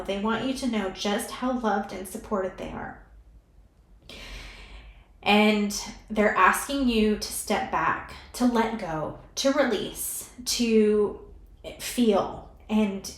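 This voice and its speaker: A woman reads tarot cards for her viewers, talking slowly and gently as she speaks straight to them. She sounds emotional and close to tears. Her voice carries a noticeable room echo. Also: medium pitch. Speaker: tarot card reader. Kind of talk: pick-a-card tarot reading.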